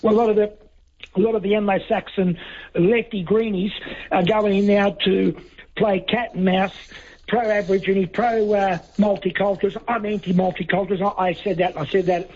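An Australian man calls in to a radio show, blunt and emphatic, circling back over the same points. His voice sits high and husky. The line sounds dull and lo-fi. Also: steady tone, moderate pace, darkish tone. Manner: rambling, blunt, emphatic, repeats himself. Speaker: caller. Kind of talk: talkback radio call. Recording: dull lo-fi call-in audio.

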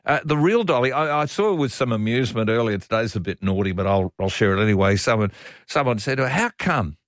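A man's voice: lowish voice, lively intonation, fast, dry recording, clean studio sound. A man hosting a morning radio show, chatting in a rambling way with frequent restarts. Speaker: radio host. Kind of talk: casual chat. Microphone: studio microphone.

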